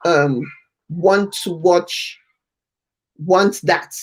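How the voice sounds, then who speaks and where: A woman from Nigeria co-hosting a casual chat, reacting in a lively, incredulous way and quickly agreeing. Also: on the low side, slightly rough. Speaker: co-host.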